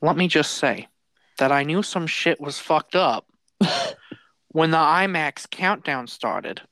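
A man co-hosting a podcast, telling a story in a casual, animated way, laughing and swearing as he goes. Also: on the high side, slow, dry recording. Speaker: podcast co-host.

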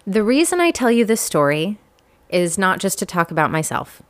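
A woman's voice: medium pitch, sing-song, moderate pace, clear, resonant tone. A woman in her thirties telling a personal story in a candid, self-deprecating way, often laughing.

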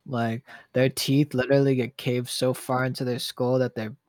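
A man's voice: mid-range voice, level tone, normal speed, a little mellow, no room sound, studio quality. A young man co-hosting a podcast, rambling in a slangy way full of fillers. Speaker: podcast co-host. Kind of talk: casual chat.

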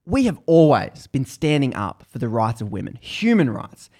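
A man's voice: mid-range voice, sing-song, normal speed, warm tone. A man voicing an angry, determined woman clinic director who pleads and argues in a raised voice. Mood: indignant.

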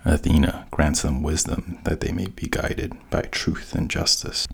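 Very deep, gravelly man retelling a story. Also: fairly even intonation. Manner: unhurried, halting with pauses. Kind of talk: casual spoken retelling of a story.

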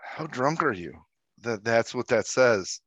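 A man's voice: mid-range voice, expressive, measured pace, a bit bright, no echo, lo-fi sound. A man co-hosting a podcast, telling stories and teasing in casual movie talk. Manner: chatty, storytelling, teasing. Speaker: podcast co-host. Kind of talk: casual movie review chat.

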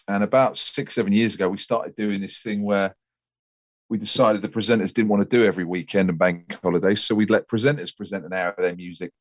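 A man's voice: fairly low pitch, no echo. A man who works as a radio presenter, chatting as a guest on a talk show in an easygoing, good-humoured way. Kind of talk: casual interview chat.

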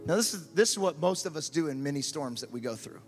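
A high-voiced man preaches with mounting fervor, often repeating his words as he builds toward shouted appeals. Faint music sits under his voice. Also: animated, fast talker, big-room sound. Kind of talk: sermon.

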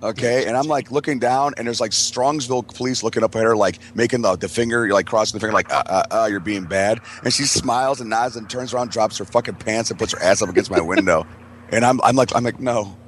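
A man's voice: medium pitch, quick pace, a little hiss or hum. A man, a podcast co-host, telling rambling, profane party stories to friends and laughing often. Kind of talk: casual storytelling among friends.

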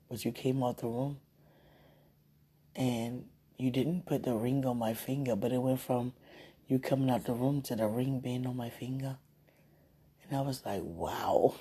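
A woman's voice: rumbling low, mellow, breathy edge. A woman leaving a tender, teasing phone message for her partner, with the phone held close to her mouth. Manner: tender, sweet-talking, teasing.

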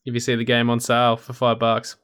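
A man's voice: mid-range voice, completely flat delivery, fast, fairly bright tone, clean tone. A man co-hosting a podcast in casual chat, joking and mock-indignant, laughing easily. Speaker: podcast co-host.

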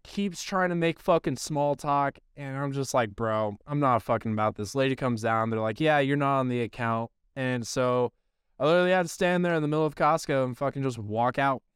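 Man, podcast host, casual rambling storytelling, swears a lot, smooth clear voice, dry close mic. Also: medium pitch, fairly bright tone, dry recording. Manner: profane, rambling, heavy on filler words.

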